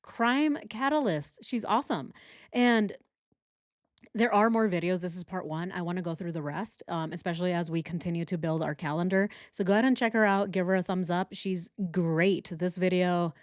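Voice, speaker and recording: A woman's voice: fairly low pitch, moderate pace, dry recording, studio quality. A woman hosting a true crime reaction video, commenting casually and with sarcastic, mocking remarks.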